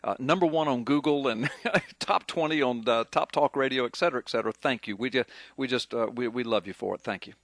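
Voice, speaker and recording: A man with a Southern Gulf Coast accent, hosting a radio talk show in a casual, animated way and laughing easily. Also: medium pitch, fast, hardly any pauses, no room sound.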